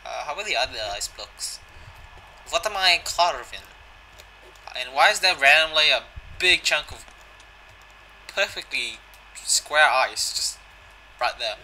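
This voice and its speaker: A man's voice: medium pitch, animated, a little slow, long pauses, pushed and bright, a little hiss or hum, rough recording. A young man giving a casual, jokey video game walkthrough, swearing and reading the in-game dialogue aloud. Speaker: gaming channel host.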